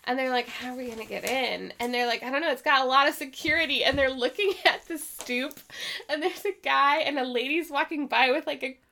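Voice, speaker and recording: A woman's voice: sits high, brisk, creaky. A woman co-hosting a podcast, retelling an episode in casual chat with lots of laughs. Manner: laughing, animated retelling with quoted voices. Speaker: podcast co-host.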